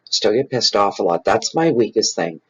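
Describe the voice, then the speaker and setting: A man, hosting his own tarot channel and talking casually and off the cuff to viewers. He is expressive and rambling, and he repeats phrases for emphasis. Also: fairly low pitch, moderate pace, slightly rough. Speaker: tarot reader and channel host. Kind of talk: casual improvised spiritual talk to viewers. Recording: dull lo-fi recording.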